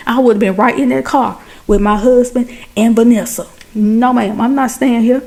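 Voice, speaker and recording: A woman recaps a film in a chatty, animated way, speaking straight to her viewers. Her voice is dark and mellow, with a gravelly fry running through it. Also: a little high, moderate pace. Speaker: movie recap host. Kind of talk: casual movie recap.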